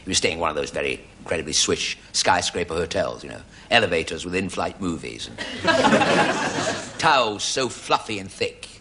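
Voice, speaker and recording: A man delivering a deadpan comic monologue to a studio audience. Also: low-pitched, normal speed, gravelly, background noise. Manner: deadpan storytelling with put-on voices. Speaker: comedy sketch presenter.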